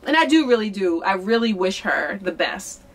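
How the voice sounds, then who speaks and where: A young adult woman from Philadelphia, a singer-songwriter, telling a candid story to camera in a chatty, animated way. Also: medium pitch, moderate pace. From Philadelphia, USA. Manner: chatty, candid, animated, quotes people in lively voices.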